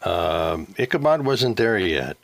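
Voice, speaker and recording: A man's voice: deep voice, sing-song, takes it slowly, gravelly, no echo. An older man from the Seattle area, a former radio DJ, telling casual stories in an interview and rambling with many restarts. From Seattle area, USA.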